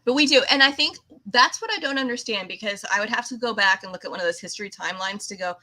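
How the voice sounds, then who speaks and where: A woman's voice: medium pitch, quick pace, bright, forceful tone. A woman from the United States with a Californian accent, hosting a casual podcast interview, chatty and rambling with frequent laughs. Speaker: podcast host.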